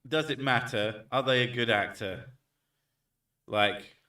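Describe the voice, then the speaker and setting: A man chatting casually and jokingly on stream, swearing now and then and throwing in loud bits. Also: mid-range voice, slow pace. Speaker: streamer host. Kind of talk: casual chat. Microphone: desk mic set back from him. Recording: echoey room, far from mic.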